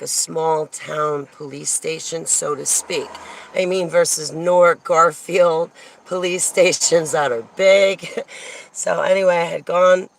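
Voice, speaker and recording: A woman from New Jersey spins a loose, wandering anecdote straight to the viewer. Her voice carries a gravelly, creaky texture, and she breaks into laughter between her tangents. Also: low voice, slight background noise, low-quality recording. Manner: rambling, digressive, laughs often. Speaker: storyteller. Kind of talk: casual storytelling monologue.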